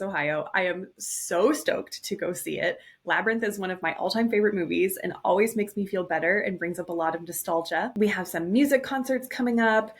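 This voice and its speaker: A woman hosting a solo podcast as a coach, talking in a reflective, earnest and gently upbeat way. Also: medium pitch.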